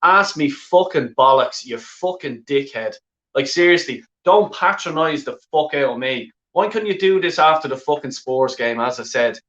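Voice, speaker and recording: Fairly high-pitched and expressive at a moderate pace, this Irish football fan's slightly bright voice comes through an echoey room with dull audio. He's furious on a live stream, cursing heavily and repeating himself in exasperation.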